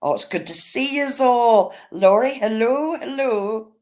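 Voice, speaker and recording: A woman with a Northern Irish accent hosts a casual livestream, greeting her viewers one by one in an easy, chatty way. She takes her time, talking at an unhurried pace. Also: a little high, darkish tone. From Northern Ireland. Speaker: livestream host.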